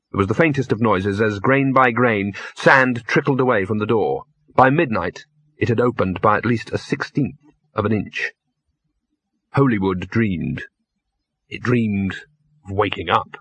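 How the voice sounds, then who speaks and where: A man narrating an audiobook in a steady, dry storytelling manner. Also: on the low side, normal speed, slightly rough, no room sound. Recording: dull lo-fi dry recording.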